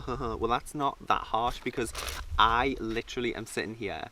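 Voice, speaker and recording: A man's voice: mid-range voice, moderate pace, heavy background noise. A young man talking casually and animatedly in a review vlog, full of fillers. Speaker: reality show reviewer.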